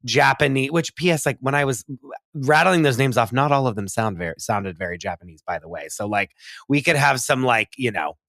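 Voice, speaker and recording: A man co-hosting a comedy podcast at a middling pitch, caught in a dry, close recording. He rambles through his points, fills them with "like" and breaks into laughter now and then. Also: animated, brisk, vocal fry, fairly bright tone, no room sound. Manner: rambling, full of "like", laughs often. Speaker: podcast co-host. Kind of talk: casual comedic chat.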